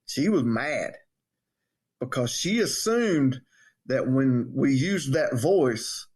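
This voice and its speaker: Animated man joking around. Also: mid-range voice, slow pace, breathy edge. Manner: joking, easygoing banter. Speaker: podcast co-host and coach. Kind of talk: casual storytelling chat.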